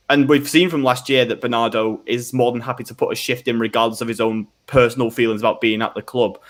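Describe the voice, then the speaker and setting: Hombre charlando de fútbol, titubeante. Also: male voice, mid-range voice. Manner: rambling, full of restarts and fillers. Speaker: football fan pundit. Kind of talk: casual fan chat on a live stream.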